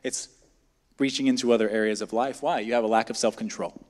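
A man's voice: lowish voice, steady tone, fast, a little mellow. A man preaching a midweek sermon in a church, talking in a conversational way and firing rhetorical questions at the congregation. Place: church sanctuary. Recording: long hall reverb.

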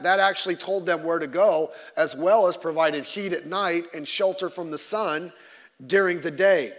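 A pastor preaching a Sunday sermon in a relaxed, joking way to his congregation. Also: high-pitched. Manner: conversational with jokes to the congregation. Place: church sanctuary. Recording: long reverb of a large hall.

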